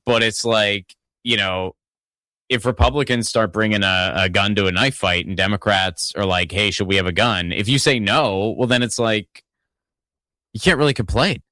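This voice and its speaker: Low-voiced profane podcast host. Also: male voice, fairly even intonation, moderate pace, bright, forceful tone, dry recording, clean studio sound. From Pittsburgh, Pennsylvania. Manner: rambling, profane, full of restarts and asides. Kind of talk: casual political chat.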